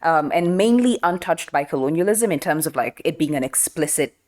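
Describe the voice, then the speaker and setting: A woman's voice: deep voice, lively intonation, fairly quick, darkish tone. A young woman hosting a casual history podcast, telling stories animatedly, reading quotes and laughing often. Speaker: podcast host.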